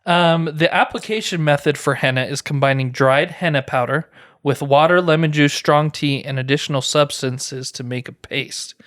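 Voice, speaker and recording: A man's voice: a little high, steady tone, normal speed, fairly bright tone, no room sound, clean studio sound. A man co-hosting a casual podcast, explaining researched history from his notes and laughing easily. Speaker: podcast co-host presenting research.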